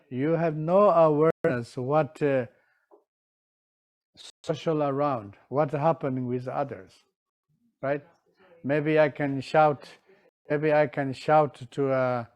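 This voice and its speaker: A man leads a live teaching session in unhurried, non-standard English, and his voice sits somewhat high. He checks in with his listeners constantly and acts out his examples with sounds and little scenes. His delivery is slow and deliberate. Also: steady tone, a little mellow. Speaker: teacher of Tibetan medicine.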